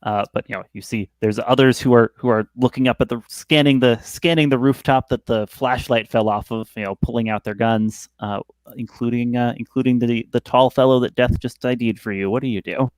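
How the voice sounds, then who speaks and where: A man running a tabletop role-playing game as game master, narrating in a halting way with lots of restarts. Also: medium pitch, steady tone, no room sound. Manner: halting, full of fillers and restarts.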